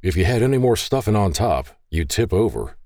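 A man's voice: lowish voice, sing-song, a little fast, darkish tone, dry recording, studio quality, pitched above the performer's own voice. A man doing a flirty joking groom.

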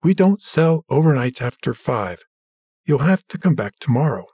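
A man voicing a bored, monotone young clerk girl. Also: medium pitch, moderate pace, slightly rough, no echo, studio quality. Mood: flat. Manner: flat, monotone, unimpressed.

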